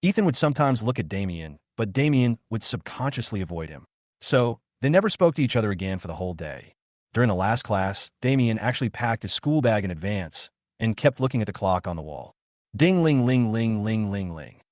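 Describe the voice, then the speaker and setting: A man narrating a comic story recap in a steady, scripted read. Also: on the low side, fairly quick, dry recording, clean studio sound.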